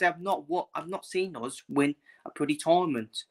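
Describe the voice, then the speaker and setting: A man's voice: on the high side, moderate pace, darkish tone. A man from England ranting casually about football in a blunt, repetitive way, previewing matches for his channel.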